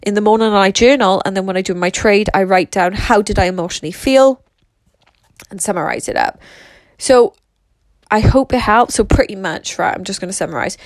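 A woman's voice: mid-range voice, a little fast, dry recording. A young woman, talking casually and rambling in a solo monologue as a social media creator, swearing freely. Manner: rambling, swears freely, lots of "like" and "you know".

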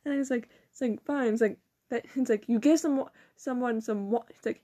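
A woman's voice: fairly high pitch, fairly quick, mellow. A teenage girl, rambling in casual chat about school and quoting people while she giggles. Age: teens. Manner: rambling, giggly, quotes people in mocking voices. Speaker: student vlogger.

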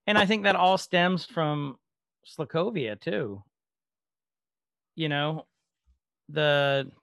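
A man co-hosting a casual TV-show podcast, talking in an animated way and laughing often. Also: a little high, gravelly, no room sound, studio quality. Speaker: podcast co-host. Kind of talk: casual chat.

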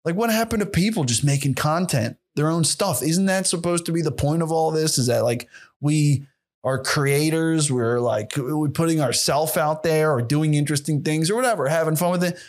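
Young male podcaster, solo monologue, slightly high voice, sarcastic and profane. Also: normal speed. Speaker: podcast host.

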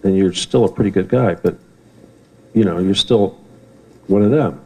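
A man's voice: low-pitched, moderate pace, dark tone, rough recording. Man, live talk to audience, rambling, heated, swearing. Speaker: speaker at a live event. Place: event room with an audience.

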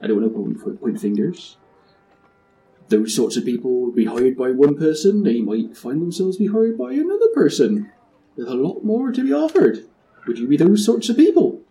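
A man's voice: very animated, mellow, slight background noise. A man voicing a shifty hooded male informant with a hammy West Country drawl, sly and nervous in a tabletop game. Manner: wheedling, flusters into high rapid denials.

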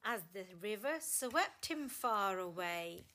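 A woman reading a children's story aloud, with a slow, lively and animated delivery. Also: medium pitch, heavy background noise.

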